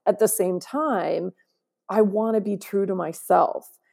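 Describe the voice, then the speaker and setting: Woman guest on an interview podcast, warm and mellow tone, earnest and emphatic. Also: medium pitch, takes it slowly, gravelly. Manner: earnest, emphatic, often asks "right?". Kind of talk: conversational interview.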